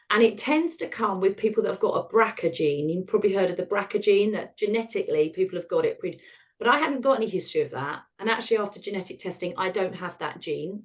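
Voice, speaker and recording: Give me a frank middle-aged British woman recounting her story with wry humor in an interview. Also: on the low side. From United Kingdom. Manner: frank, wry, acts out dialogue in quotes. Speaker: guest, retired osteopath.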